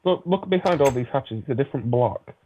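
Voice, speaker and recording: A man's voice: mid-range voice, fast, slight background noise. A man chatting casually while playing a game with a friend, hesitant and chuckling often. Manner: relaxed, hesitant, chuckles a lot. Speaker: gamer. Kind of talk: casual let's play chat. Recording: tinny phone-like line.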